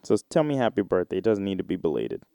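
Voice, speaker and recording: A man's voice: low voice, huge pitch swings, fast talker, dark tone, dry recording, clean studio sound. A man in his twenties from the United States, hosting a solo podcast in a loose, rambling, profane chat. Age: 20s. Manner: rambling, loose and profane, with many fillers and restarts. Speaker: podcast host.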